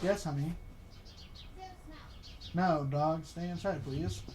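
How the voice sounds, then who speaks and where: A man's voice: a little high, steady tone, slow, darkish tone, slight background noise. A young man co-hosting a podcast, rambling, laughing often and calling his friend dude. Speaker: podcast co-host. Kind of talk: casual chat.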